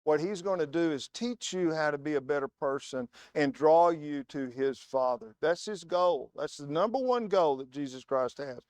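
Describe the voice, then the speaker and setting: Preaching as a guest in church, a man tells anecdotes in a storytelling style and hammers his points with strong stress. He speaks at a moderate pace with few pauses, in a somewhat dark tone, though his voice sits slightly high for a man; the sound is dry and close, with little echo.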